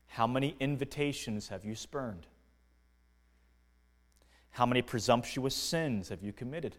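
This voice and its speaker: A man preaching a sermon as pastor, earnest and deliberate, dropping to quiet lines and rising to emphatic ones. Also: medium pitch, big-room sound. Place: church sanctuary.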